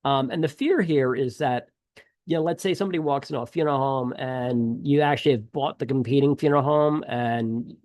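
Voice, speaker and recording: A middle-aged instructor goes over exam material with students in a relaxed, chatty way, using lots of "um" and "you know" and rephrasing and restarting as he talks. His voice is an ordinary male pitch, a little mellow, and fairly quick. The recording is close and dry with no room sound.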